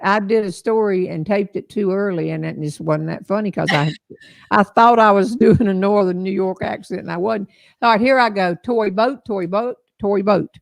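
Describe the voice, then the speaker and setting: A woman hosting a relaxed live chat, chatty and laughing easily as she reads out viewer questions. Her voice sits at a middle pitch and is recorded dry and close, with little room sound. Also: normal speed, gravelly, dry recording. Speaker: host. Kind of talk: casual live chat show.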